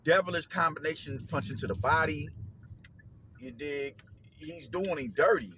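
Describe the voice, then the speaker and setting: Slangy, animated male host, bright and forceful tone, faint background hum. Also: fairly high pitch, moderate pace. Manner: animated, profane, slangy, repeats phrases. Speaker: boxing commentator, show host. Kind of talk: casual fight breakdown.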